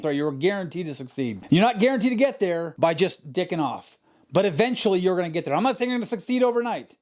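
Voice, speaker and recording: Fired-up, high-voiced male podcast host. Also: a little mellow. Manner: emphatic, profane, repeats for emphasis. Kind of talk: motivational monologue.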